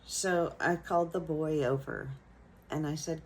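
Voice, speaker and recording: A woman who teaches young children, telling a personal classroom story in a gentle, reflective way. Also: deep voice, fairly even intonation, unhurried, a little hiss or hum, rough recording. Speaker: elementary school teacher.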